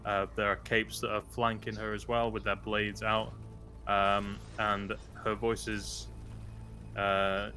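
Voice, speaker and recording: A man's voice: lowish voice, level tone, slow, sharp tone, faint music behind. A man narrating a tabletop role-playing game as game master, describing scenes with many ums and uhs. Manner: hesitant, filler-heavy narration.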